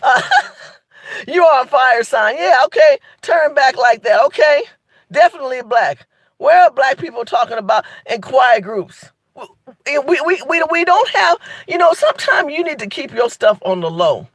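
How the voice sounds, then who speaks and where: A woman's voice: high voice, very animated, moderate pace, no echo. A woman hosting a live video, talking straight to her viewers in a sassy, emphatic way. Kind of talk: animated live-stream commentary.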